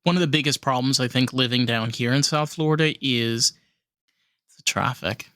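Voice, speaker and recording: A man's voice: mid-range voice, normal speed, fairly bright tone, no echo, clean studio sound. A man hosting a podcast interview, talking in a loose, rambling way with many fillers. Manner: rambling, lots of likes and restarts. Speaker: podcast host. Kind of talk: casual interview chat.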